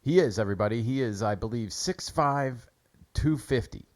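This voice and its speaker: A man's voice: medium pitch, animated, normal speed, darkish tone. A man hosting a casual sports show, breaking down football draft picks in a chatty way with lots of fillers. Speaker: sports podcast host.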